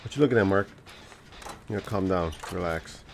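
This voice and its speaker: A man's voice: sits low, a little fast, a little hiss or hum. A man with a stuffy nose from a cold, joking and chatting with viewers while he streams a game. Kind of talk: casual live-stream gaming commentary.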